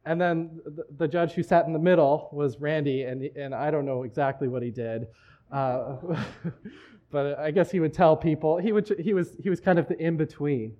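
A man's voice: a little high, steady tone, moderate pace, lo-fi sound. A man preaching a sermon in a church, talking in a conversational way with frequent restarts. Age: adult, married. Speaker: pastor.

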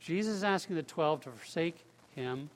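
A man's voice: a little high, expressive, normal speed, a little hiss or hum. Emphatic man preaching in a reverberant hall. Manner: conversational, emphatic, with casual asides. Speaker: pastor. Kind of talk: sermon.

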